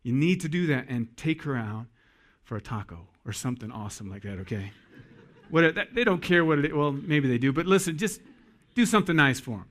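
A man's voice: mid-range voice, lively intonation, fairly quick, fairly bright tone. A man preaching a sermon to husbands in a folksy, joking way that addresses the men directly. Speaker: pastor.

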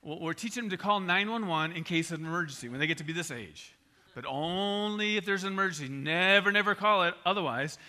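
A middle-aged man preaching. His voice sits a little high and sounds very bright and forceful. He tells homely stories animatedly, with his pitch jumping up at each punchline. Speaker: pastor. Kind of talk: sermon with personal stories.

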